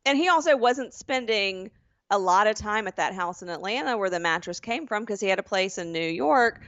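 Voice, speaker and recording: A woman co-hosting a podcast in casual chat, trading quick, joking banter and laughing often. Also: medium pitch, expressive, a bit bright, no room sound, muffled recording. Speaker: podcast co-host.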